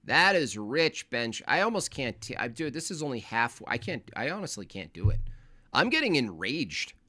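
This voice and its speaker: A man's voice: medium pitch, very animated, moderate pace, bright, forceful tone. A man hosting a casual livestream, reacting to videos and reading viewer messages in an exasperated, rambling, slangy manner. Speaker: streamer reviewing videos.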